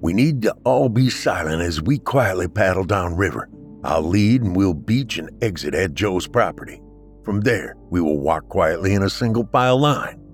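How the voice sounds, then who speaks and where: A man voicing a grieving ex-military brother who speaks earnestly and then in crisp commands. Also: sits low, animated, moderate pace, faint music behind. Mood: commanding.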